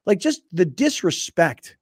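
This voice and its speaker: A man hosting a sports radio show, telling stories in an animated way and acting out the scenes. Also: high-pitched, measured pace, husky, dry recording, clean studio sound. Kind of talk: casual sports talk.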